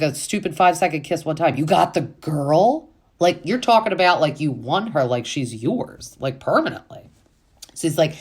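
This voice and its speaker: A woman's voice: low voice, animated, normal speed, slightly rough. A woman hosting a casual reality TV recap, chatty and full of fillers, with exasperated asides.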